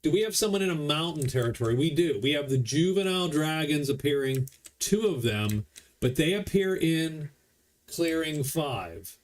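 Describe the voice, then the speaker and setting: A man's voice: on the high side, animated, normal speed. A man with a slightly raised voice talks casually through a solo board game. He explains rules and moves in a loose, chatty manner. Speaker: board game player streaming a solo playthrough.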